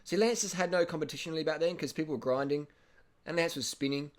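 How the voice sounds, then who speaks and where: An Australian man casually commenting over race footage, blunt and excitable, swearing and repeating himself. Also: on the high side, fast talker. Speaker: cycling video host.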